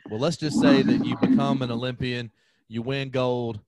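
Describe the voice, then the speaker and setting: A man's voice: medium pitch, little pitch movement, normal speed, heavy background noise. A man co-hosting a podcast, asking loose, teasing questions. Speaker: podcast co-host. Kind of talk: casual podcast interview.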